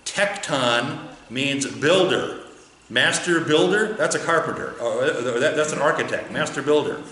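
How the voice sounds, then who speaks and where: A man's voice: mid-range voice, fairly bright tone, a little hiss or hum. A male pastor teaching a conversational sermon, often asking the congregation questions and answering them himself, with an American accent. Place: church sanctuary. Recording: roomy church with faint ambience.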